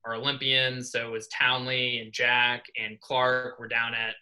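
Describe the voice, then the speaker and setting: A young man in his twenties tells a long story in a podcast interview. His voice is very bright and sits at a middle pitch. He rambles earnestly through many fillers and restarts. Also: level tone, a little slow, low-quality recording. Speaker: assistant swim coach.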